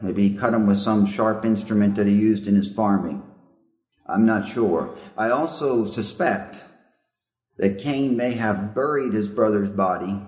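A man's voice: on the low side, darkish tone, echoey room. A male preacher giving a sermon in a reflective, questioning way. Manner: reflective, asks the listeners questions.

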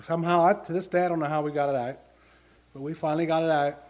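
A man's voice: a little high, steady tone, fast, darkish tone. A middle-aged man preaching a sermon, telling personal stories in an earnest way and building to emphatic questions.

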